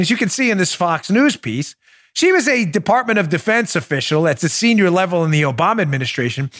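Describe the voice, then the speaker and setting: A man's voice: high-pitched, fairly bright tone. A man hosting a political podcast, sarcastic and incredulous, talking back and forth with his producer. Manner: talks to his producer on air. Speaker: podcast host. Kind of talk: political commentary.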